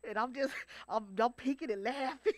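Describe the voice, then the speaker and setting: A woman speaks about her late father at a funeral home, telling family stories in a loose, casual way. Her voice sits a little high. The sound is dry and close. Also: dry recording. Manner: casual, animated storytelling with laughs. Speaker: eulogy speaker, daughter of the deceased. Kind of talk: funeral remembrance speech.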